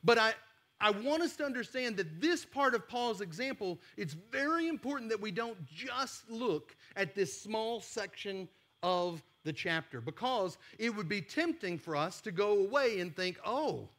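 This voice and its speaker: A pastor with a Southern American accent giving a sermon in a church, conversational and emphatic, asking rhetorical questions. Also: male voice, high-pitched, lively intonation, normal speed, sharp tone. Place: church sanctuary.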